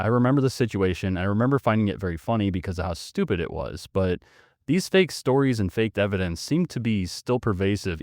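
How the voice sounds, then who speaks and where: Low-voiced guy on a podcast reading a dumb story out loud, snarky, dry close mic. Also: no echo. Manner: sardonic, mocking, quick asides. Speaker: podcast host. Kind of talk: casual podcast commentary, reading a story aloud.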